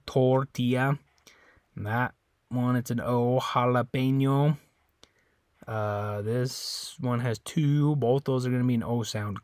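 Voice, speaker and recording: Casual male teacher, mid pitch, relaxed self-correcting delivery, dry sound. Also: no room sound. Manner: casual, repeats words slowly, frequent okays and self-corrections. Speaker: Spanish teacher. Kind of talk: informal classroom explanation.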